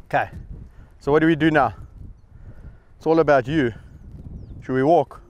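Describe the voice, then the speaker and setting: This middle-aged man, a wildlife sanctuary keeper, has a slightly high, darkish voice and a moderate pace. Outdoors in the bush, he talks casually to animals on a handheld camera, teasing and coaxing them with warmth and laughter.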